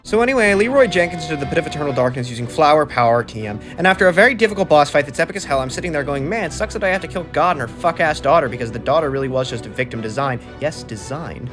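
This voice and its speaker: A man narrating a comedic game recap, fast and sarcastic, full of swearing and sudden excited outbursts. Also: a little high, music in the background. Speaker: gaming video commentator.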